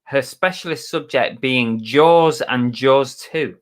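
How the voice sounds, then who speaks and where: A man hosts a relaxed live stream, reading out viewers' names. He talks at an unhurried pace in a mid-range voice. He is chatty and self-mocking, and mutters mild curses at his streaming software. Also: medium pitch. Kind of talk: casual live chat, greeting viewers.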